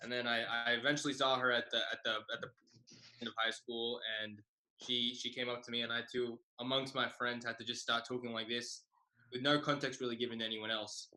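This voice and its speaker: Man, comedian, rambling storyteller, filler-heavy, very bright tense voice, video call. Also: medium pitch, little pitch movement, fast, low-quality recording.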